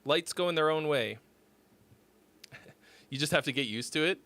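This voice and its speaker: A man's voice: fairly high pitch, unhurried, pushed and bright. A man in his forties hosting a song critique livestream, chatting casually in a rambling, profane way that breaks off and restarts. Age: 40s. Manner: rambling, profane, self-interrupting.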